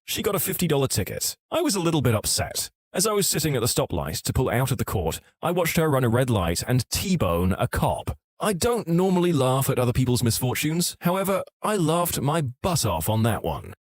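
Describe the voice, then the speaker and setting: Lively male story narrator, dry sound. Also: mid-range voice, brisk, no echo. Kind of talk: scripted narration of online stories.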